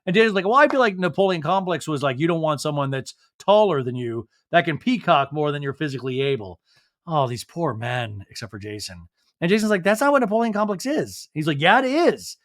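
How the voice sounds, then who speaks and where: A man's voice: on the high side, expressive, brisk, no echo, clean studio sound. A man hosting a podcast, recapping a reality show in a sarcastic, gossipy way and acting out the cast's lines in shifting voices. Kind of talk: comedic recap with quoted voices.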